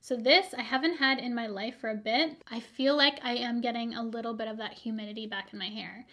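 A slightly hoarse woman with a voice pitched a bit high for a woman talks casually through her used-up beauty products. She is chatty and upbeat, drifting into little asides as she reviews each one. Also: fairly even intonation, brisk, a bit bright. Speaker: beauty vlogger.

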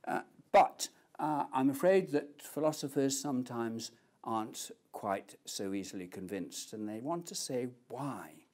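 A man's voice: mid-range voice, expressive, unhurried, a little mellow. A man giving an academic lecture on philosophy, telling stories and acting out the quoted voices.

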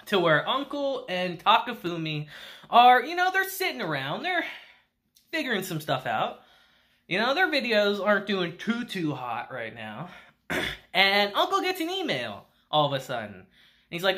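A woman's voice: mid-range voice, wildly swooping pitch, moderate pace, fairly bright tone. A woman casually recapping an anime episode, laughing often and using slang and profanity. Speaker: anime reviewer.

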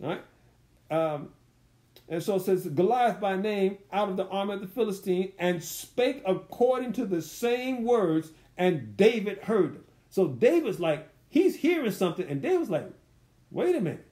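This man's voice sits high yet has a dark tone, expressive and moderately paced. He's leading a verse-by-verse Bible study in a relaxed, colloquial style, tossing rhetorical questions to his listeners.

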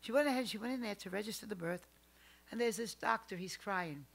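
An older woman telling family stories as a podcast guest, animated, swinging between loud outbursts and hushed asides. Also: medium pitch, a little fast, creaky. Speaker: psychic guest. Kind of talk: storytelling in a podcast interview.

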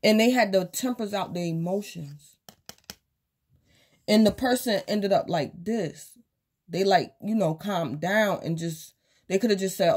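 A woman's voice: medium pitch, a little slow, pauses often, a little mellow, husky. Woman casually giving a tarot reading. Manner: speaks directly to the viewer, acts out imagined quotes. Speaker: tarot reader.

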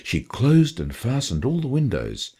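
Guy reading a story on the radio, husky, lowish, really animated voice. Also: a little slow. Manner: expressive and storytelling. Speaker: story reader and radio presenter.

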